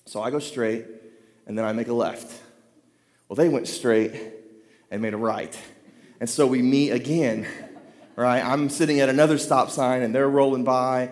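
A pastor in his thirties telling a self-deprecating, animated story from the pulpit. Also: mid-range voice, moderate pace, pauses often. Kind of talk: storytelling sermon. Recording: long hall reverb.

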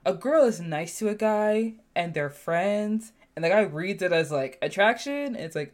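Woman podcast host, casual chat, sassy and animated, mid-range pitch. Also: moderate pace, few pauses. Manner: animated, sassy, jumps high when exclaiming.

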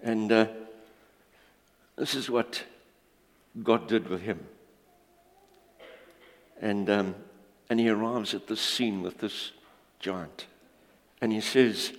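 A man preaching a sermon in a church, animated and jokey as he tells stories and talks with the congregation. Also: lowish voice, slow pace, long pauses. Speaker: pastor. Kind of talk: sermon with storytelling. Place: church hall. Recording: long reverb of a church hall.

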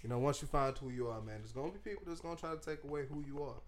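A man's voice: medium pitch, rapid-fire. A man co-hosting a podcast and giving earnest, slangy advice in casual talk. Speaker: podcast co-host.

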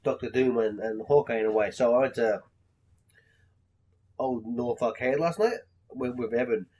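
A man's voice: medium pitch, normal speed, dark tone, a little hiss or hum. A man chatting casually about games and comics, rambling with repeated words and mock-outraged rants.

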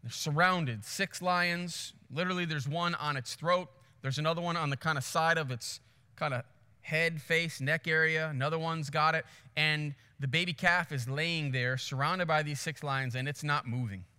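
A man preaching with a high, bright voice. His delivery is animated, swinging from hushed to loud, and it rings with a long hall reverb. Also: moderate pace, clean tone. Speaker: pastor. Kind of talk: sermon.

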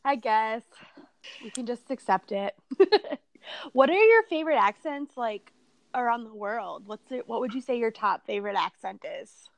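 Curious young woman with a bright voice. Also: on the high side, expressive, normal speed, no echo. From southern Minnesota. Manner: curious, asks lots of questions, many fillers. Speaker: podcast co-host. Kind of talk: casual chat.

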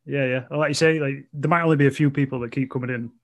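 A man's voice: medium pitch, fast talker. Laid-back Yorkshire man. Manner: relaxed, says "you know what I mean", "innit". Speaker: streamer, podcast guest. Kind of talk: casual chat.

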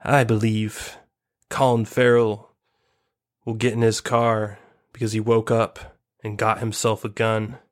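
A man's voice: lowish voice, flat delivery, measured pace. A man co-hosting a podcast, spinning a long absurd comic story and acting out the people in it. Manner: spins absurd stories, acts out quoted characters. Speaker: podcast co-host. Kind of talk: casual comedic chat.

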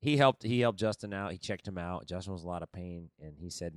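A man co-hosting a podcast in casual chat, telling stories in an animated way and saying "man" and "dude" often. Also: low voice, fast talker, no echo, clean studio sound. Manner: animated storytelling, says "man" and "dude" a lot. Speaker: podcast co-host and kids' jiu-jitsu coach.

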